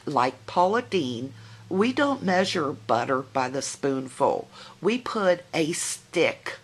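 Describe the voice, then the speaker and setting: A woman's voice: sits low, sing-song, slow pace, husky. A middle-aged woman, chatting folksily and teasingly to her viewers in a casual vlog. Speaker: video blogger. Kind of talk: casual vlog talking to camera.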